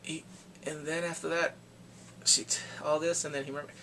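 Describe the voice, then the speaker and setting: Male movie reviewer, animated recap, gravelly, bright, faint hum behind. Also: on the high side, brisk. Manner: animated, reacts with exclamations and gasps.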